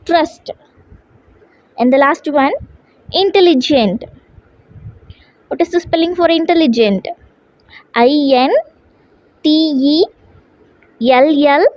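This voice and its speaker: Woman teacher, Indian English accent, slow deliberate letter-by-letter delivery, dry close sound. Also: high-pitched, a little mellow, dry recording. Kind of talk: classroom English lesson. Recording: dull lo-fi sound.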